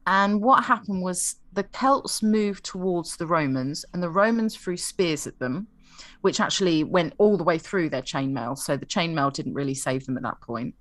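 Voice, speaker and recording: A woman's voice: on the low side, normal speed, a bit bright, no room sound. A young woman on a casual history chat, telling the story in a chatty way with fillers and a readiness to laugh at herself.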